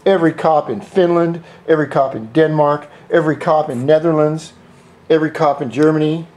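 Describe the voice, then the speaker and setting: A middle-aged man talks through a casual how-to vlog, drifting into tangents, jokes and freely thrown curse words. His voice sits a little higher than most men's. He speaks from his home workshop while spray painting. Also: a little fast, darkish tone. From United States. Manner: rambling, joking, cusses freely. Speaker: scooter hobbyist vlogger.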